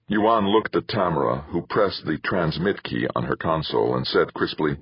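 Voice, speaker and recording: A man narrating an audiobook in a measured, expressive way. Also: rumbling low, breathy edge, dry recording, highs cut off. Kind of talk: scripted narration.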